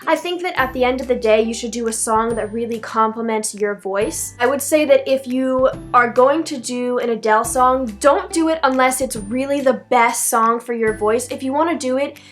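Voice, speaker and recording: A woman's voice: fairly high pitch, normal speed, few pauses. A teenage girl talking through an advice vlog in a chatty, rambling way, full of "like" and self-corrections. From Philadelphia area, USA. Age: teens. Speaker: vlogger.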